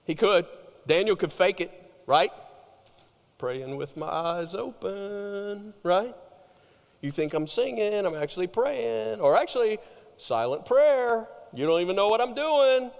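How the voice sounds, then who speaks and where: A man preaching a sermon, telling the story with animated swings between loud emphasis and hushed, drawn-out words. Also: high-pitched, gravelly, in a large hall. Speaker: pastor.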